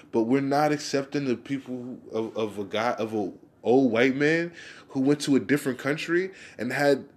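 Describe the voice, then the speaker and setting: A young man in a casual vlog rant, heated and full of swearing. He rambles and restarts as he goes, at an ordinary, middling pitch. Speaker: vlogger.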